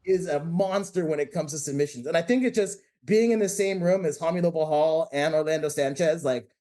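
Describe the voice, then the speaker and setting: A man as a podcast guest, telling stories in an animated way and swearing freely. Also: a little high, fairly quick. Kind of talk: casual chat.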